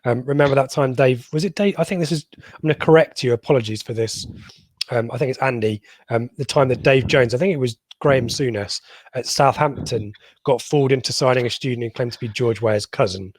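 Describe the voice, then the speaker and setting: A man's voice: mid-range voice, a little fast, no echo. A man hosting a casual football podcast, reading out listener questions with a lot of hesitant ums. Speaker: podcast host.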